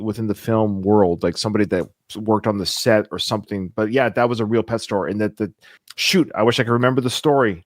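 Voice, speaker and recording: A man's voice: fairly low pitch, no room sound, clean studio sound. Chatty man hosting a film podcast. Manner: chatty, thinks aloud with restarts. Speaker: podcast host. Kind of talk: casual podcast discussion.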